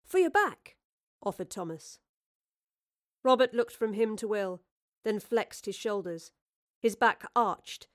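A woman narrating a storybook with a measured, expressive reading. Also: mid-range voice.

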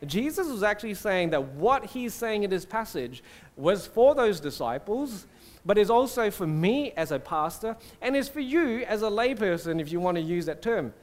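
Animated high-voiced pastor. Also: male voice, normal speed. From Singapore. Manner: conversational, animated preaching with acted asides. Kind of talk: sermon.

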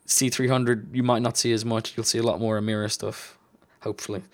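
A man's voice: fairly low pitch, little pitch movement, brisk. A man, a colorist, talking casually and enthusiastically in a podcast chat, with lots of "like" and "um".

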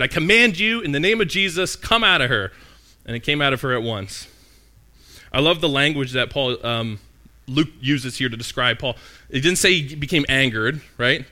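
A man with a mid-range voice preaches a sermon as pastor, getting animated and acting out the voices of those he quotes.

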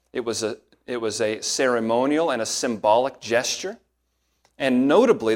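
This is a pastor's expository sermon, given by a man with a mid-range voice. He's earnest and forceful, shifting between slower and quicker delivery to emphasize what matters.

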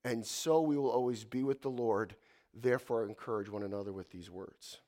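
A man in his fifties preaching a sermon in a church, animated, swinging from loud exclamations to hushed asides. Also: fairly low pitch, moderate pace. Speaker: pastor.

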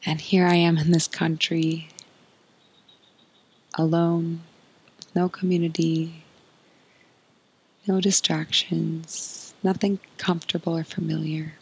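A woman hosting a podcast, giving a soft, earnest spiritual monologue in a breathy, often whispered voice. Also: low-pitched, flat delivery, slow pace, long pauses, poor audio. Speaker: podcast host.

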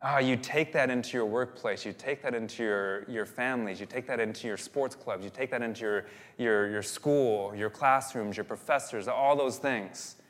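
A man preaching a sermon as pastor, energetic, with many restarts and fillers. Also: medium pitch, normal speed, long reverb tail. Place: church hall.

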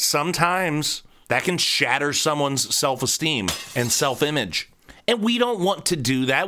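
A middle-aged man hosting a casual monologue, blunt and profane, telling animated stories. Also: medium pitch, clean tone.

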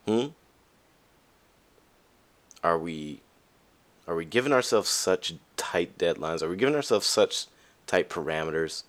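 A man hosting a podcast, talking candidly and casually to listeners, with frequent fillers and restarts, and his voice jumps up high when he stresses a point. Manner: lively, pitch jumps high for emphasis. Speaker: podcast host. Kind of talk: casual motivational monologue.

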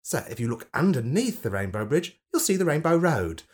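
A man's voice: a little high, sing-song, fairly quick. A man putting on a camp, theatrical voice to play a chirpy guide welcoming dead pets to the afterlife, in a comedy podcast bit. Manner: theatrical, chirpy, swooping delivery.

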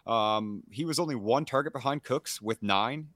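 A man's voice: mid-range voice, moderate pace, fairly bright tone. A man co-hosting a fantasy football podcast, talking in a fluent, analytical way with many fillers. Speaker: podcast co-host.

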